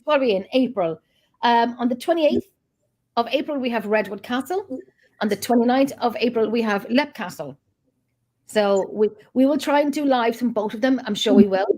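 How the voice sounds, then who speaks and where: A woman's voice: fairly high pitch, moderate pace, darkish tone. A woman who founded a paranormal investigation group, chatting as a guest and rambling with frequent ums and restarts. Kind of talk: casual chat.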